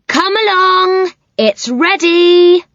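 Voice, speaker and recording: Firm, scolding nursery-rhyme girl played by a woman, bright and lively, dry and dull recording. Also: extremely high pitch, drawn-out words, dry recording, voice pushed up, exaggerated voice. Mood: coaxing. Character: stern, motherly little nursery-rhyme girl.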